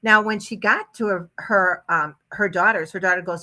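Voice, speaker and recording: Bright-voiced chatty woman storyteller. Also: mid-range voice, moderate pace, hardly any pauses. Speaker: guest, hypnotist and mentor. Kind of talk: casual podcast storytelling.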